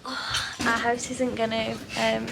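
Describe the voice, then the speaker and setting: Chatty woman vlogging over loud noise. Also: on the high side, level tone, slow, vocal fry. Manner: chatty, rambling, laughs often. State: out of breath. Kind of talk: casual vlog chat.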